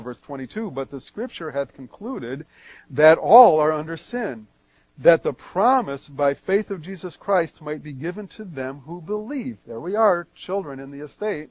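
A man's voice: on the high side, expressive, normal speed, dry recording, low-quality recording. Emphatic man teaching Bible verses. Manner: reads scripture then explains it; emphatic swings in loudness. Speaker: preacher.

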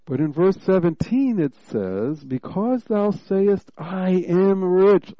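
A man preaching a sermon, teaching from scripture verse by verse and reading passages aloud, with animated bursts when he voices what God is saying. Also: sits high, takes it slowly, hardly any pauses, no echo, lo-fi sound.

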